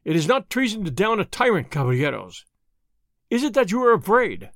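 A man voicing a bold masked highwayman who speaks in a lofty, commanding, scornful way in a storybook reading. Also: very animated, fairly quick, a bit bright, no room sound, studio quality, exaggerated voice.

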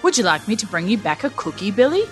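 A woman voicing Santa Claus, a jolly, gentle old man who speaks in a hushed, chuckling manner in a storybook reading. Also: mid-range voice, very animated, fast talker, faint music behind, lightly acted.

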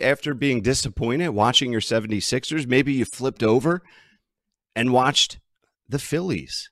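A man's voice: mid-range voice, measured pace, fairly bright tone, dry recording, clean studio sound. A man hosting a sports betting podcast, ranting and emphatic as he talks through his team's troubles. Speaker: podcast host.

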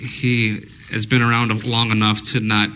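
Bright-voiced man, rambling co-host. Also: lowish voice, little pitch movement, measured pace, slight background noise, rough recording. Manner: rambling, thinks aloud with many fillers. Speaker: podcast co-host. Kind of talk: casual fan discussion before a live audience. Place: live event with an audience.

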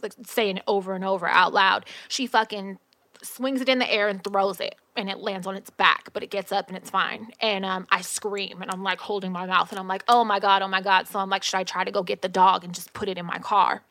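Woman, casual chat, animated storytelling, slangy, profane, dry close sound. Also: medium pitch, brisk, no echo.

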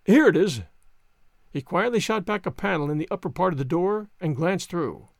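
Man reading a story aloud, lively, high pitched, dry close sound. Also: fairly quick, creaky, no room sound. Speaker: audiobook narrator. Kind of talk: scripted story narration.

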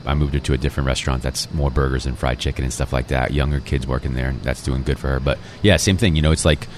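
Very deep-voiced man, reflective. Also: quick pace, slight background noise. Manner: relaxed, reflective, many fillers. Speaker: restaurant owner. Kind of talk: casual interview conversation.

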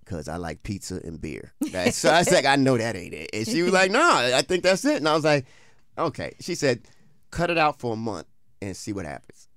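A man's voice: medium pitch, a little fast, no echo, clean studio sound. A man who is a comedian, chatting as an interview guest and acting out people in his stories. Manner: animated storyteller, acts out voices in anecdotes. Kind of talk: casual interview chat.

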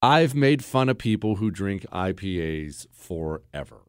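A man's voice: low voice, lively intonation, a little slow, smooth, no echo. A man hosting a talk radio show, speaking in a sarcastic, joking monologue and bantering with his producer at a studio microphone.

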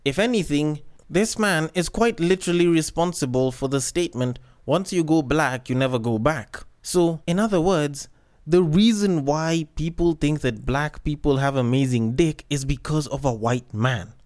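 A man hosting his own podcast, rambling through cheeky, joking stories. His voice sits a touch high for a man. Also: normal speed, darkish tone. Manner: cheeky, joking, tangent-prone storytelling. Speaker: podcast host. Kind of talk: casual solo podcast monologue.

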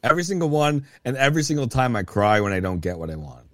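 A man's voice: medium pitch, sing-song, fast talker, a bit bright, no room sound. Man with a wildly swinging, dry voice. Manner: joking, mock-complaining. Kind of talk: casual chat.

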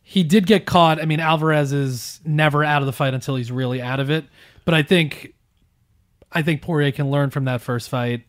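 A man working as a show producer, giving measured, reasoned fight picks in casual chat. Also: medium pitch.

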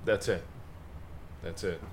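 A man's voice: slow, gravelly, slight background noise. A man co-hosting a comedic talk show, speaking with theatrical, mock-grave indignation. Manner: theatrical, mock-grave, animated pitch swings. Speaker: podcast co-host.

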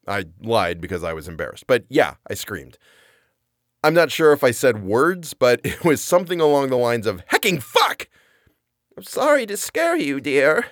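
A man tells a first-person comic story in a wry, rambling, self-deprecating way. His pitch moves a lot as he talks. The recording is close and dry. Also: no echo. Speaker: narrator. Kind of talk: first-person comedic audio fiction narration.

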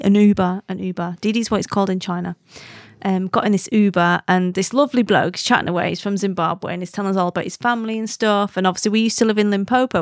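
A woman's voice: medium pitch, dry recording, clean studio sound. Chatty woman podcaster. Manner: chatty, rambling with slang and self-deprecating asides. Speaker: podcast host. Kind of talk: casual chat.

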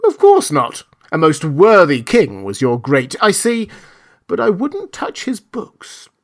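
A man's voice: high voice, very animated, slow pace, voice pushed up, exaggerated voice. A man doing a stiff scolding chancellor. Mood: formal. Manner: formal, scolding. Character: stiff, disapproving older male chancellor. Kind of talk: storybook reading.

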